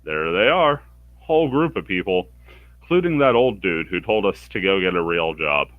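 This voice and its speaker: Brief: deep-voiced male streamer, dry wit, swoops up in pitch when reading characters, close dry mic. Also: animated, normal speed, no echo, phone-quality sound. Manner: wry and sarcastic, bursts into higher pitch for characters' lines. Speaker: let's play streamer. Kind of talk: reading game dialogue aloud with sarcastic commentary.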